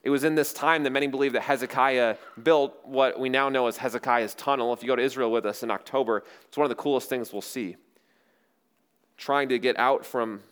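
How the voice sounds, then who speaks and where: Dramatic, smooth-voiced preaching man. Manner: dramatic storytelling, swinging between loud rhetorical questions and hushed low phrases. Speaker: pastor. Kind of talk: sermon.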